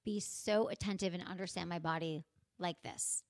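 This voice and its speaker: A woman's voice: fairly low pitch, fairly even intonation, moderate pace, darkish tone, dry recording. A woman in her thirties, a podcast host, telling a story in casual chat and acting out the quotes.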